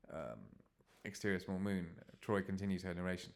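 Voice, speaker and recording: A man's voice: low-pitched, little pitch movement, fast. A man reading his own comedy script aloud, with offhand, self-mocking asides.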